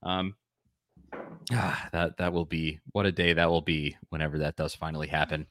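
A man hosting a casual sports podcast, excitable, given to bursts of laughing and shouting. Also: extremely low pitch, normal speed, dry recording. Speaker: podcast host.

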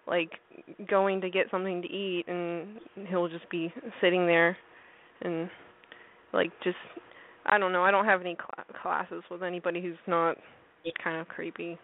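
Hesitant young woman caller on a phone line. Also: on the low side. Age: young adult. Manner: hesitant, full of "like" and "um". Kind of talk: casual phone chat.

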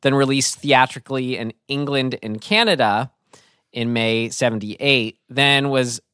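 A man co-hosts a podcast in loose, casual chat, rambling and laughing at his own slips. His voice sits at an ordinary pitch and is recorded dry and close, with no room sound. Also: a little slow, bright, forceful tone, clear, resonant tone, dry recording. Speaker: podcast co-host.

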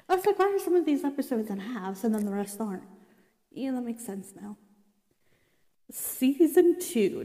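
A young woman with a slightly high, mellow voice casually reads about an old sitcom's history and reacts to it as a vlogger. She sounds chatty and exasperated, throwing in many asides, and the audio has a big-room quality.

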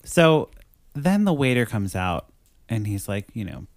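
A man's voice: fairly low pitch, measured pace, dry recording, clean studio sound. A man in casual chat, retelling a movie plot with lots of acted-out quotes. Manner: animated storytelling with acted quotes. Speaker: podcast co-host.

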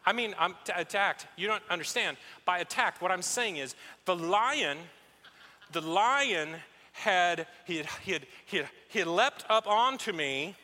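A preacher playing an excitable young man pitching a plan. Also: measured pace, exaggerated voice. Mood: earnest. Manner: excitable, rambling, salesman-like. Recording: echoey hall.

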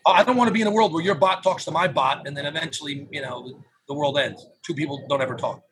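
A man speaking as a podcast guest in casual interview talk, animated and acting out what his clients say. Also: on the high side, fast, a little hiss or hum. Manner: animated, acts out clients' quotes. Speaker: podcast guest, phone number business owner.

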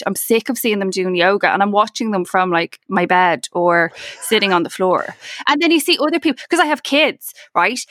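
An Irish woman in her thirties rattles through stories in a relaxed chat, full of "like" and the odd curse. Her voice sits at an ordinary middle pitch. The sound is dry and close, with no room around it. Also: dry recording. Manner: chatty, swears freely, fast storytelling with lots of "like". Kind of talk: casual chat.

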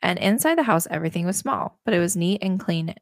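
Low, gravelly-voiced woman retelling a tale. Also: expressive, fast, no echo, clean studio sound. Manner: sarcastic asides, swears. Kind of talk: casual storytelling with commentary.

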